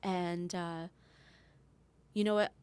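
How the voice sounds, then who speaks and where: A woman with a somewhat low voice talks as a podcast guest. She tells her story candidly and chattily, the way a police officer recounts her career. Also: fairly even intonation, slow pace, a little mellow, a little hiss or hum. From Canada. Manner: candid, chatty, laughs easily. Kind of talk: casual interview storytelling.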